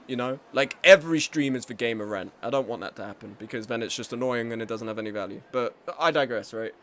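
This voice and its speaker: His voice sits on the high side and sounds fairly bright. He's streaming a game and chatting casually, ranting in an exasperated, self-mocking way about fellow players and his own misfortune.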